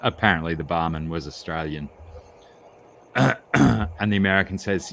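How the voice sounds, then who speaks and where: A man chatting on a late-night stream and telling a long joke in a drawn-out, deliberate way. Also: low voice, a bit bright. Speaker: stream guest. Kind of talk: casual chat and joke telling.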